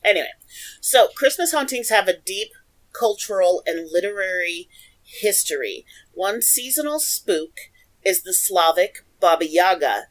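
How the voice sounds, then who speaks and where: A woman's voice: medium pitch, sing-song, a little slow, poor audio. A woman co-hosting a casual podcast, reading notes aloud, laughing often and stumbling over foreign names. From Oregon, USA. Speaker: podcast co-host.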